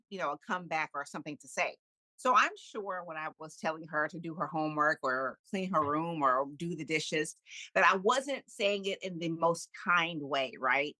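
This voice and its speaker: A middle-aged woman speaks as a guest on a podcast, candid and animated, laughing easily. Her voice sits a little low yet has a bright, forceful edge. The sound is dry and close, with no room in it. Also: no room sound, poor audio. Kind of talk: casual storytelling interview.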